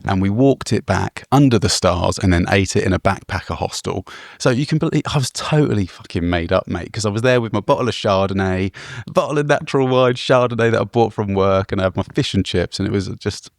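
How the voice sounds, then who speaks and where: A low-voiced man with a gravelly, fry-heavy edge, telling travel stories on a podcast. He talks casually, swears freely and calls his co-host mate. The sound is dry and close, with no room behind it. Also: brisk, dry recording. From Britain. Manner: lively storyteller, swears casually, says mate. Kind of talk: casual chat.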